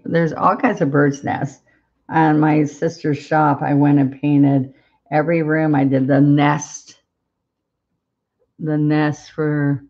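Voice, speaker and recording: A woman leads a live painting lesson in an unhurried, fairly level voice, chatting to viewers as she works. The sound is a little dull, like live-stream audio. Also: deep voice, warm tone. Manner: chatty, encouraging, talks to viewers while painting. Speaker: painting instructor.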